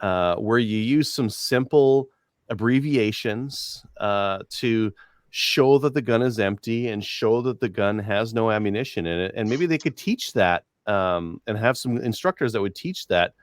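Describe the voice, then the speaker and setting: A man's voice: fairly low pitch, unhurried, no echo, studio quality. A man co-hosting a casual podcast, rambling and hesitant with a wry, sarcastic edge. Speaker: podcast co-host. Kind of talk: casual chat.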